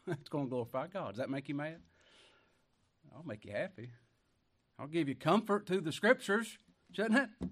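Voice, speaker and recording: A man preaching a sermon, his voice pitched a little above the usual. He reads scripture aloud and comments on it in a folksy way. He chuckles often and climbs into emphatic bursts. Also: big pitch swings, moderate pace, pauses often, a bit bright.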